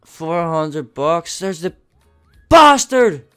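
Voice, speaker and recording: Excitable swearing man streaming slots. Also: mid-range voice, a little slow, clear, resonant tone, faint music behind. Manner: excitable, swears a lot, talks to viewers as "boys". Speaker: gambling streamer. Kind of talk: live slot-play commentary.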